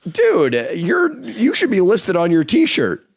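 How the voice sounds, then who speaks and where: A man's voice: sits high, wildly swooping pitch, takes it slowly, gravelly, breathy edge. A man co-hosting a podcast, roasting his guest in dry, teasing casual banter. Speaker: podcast co-host.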